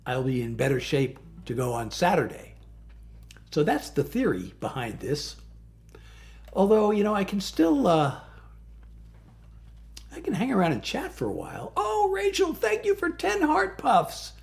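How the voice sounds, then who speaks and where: A man who sings his own songs, chatting with his livestream viewers from a bedroom studio in a soft-spoken, rambling and thankful way. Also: fairly high pitch, vocal fry. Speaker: singer-songwriter livestreamer. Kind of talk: casual chat with livestream viewers.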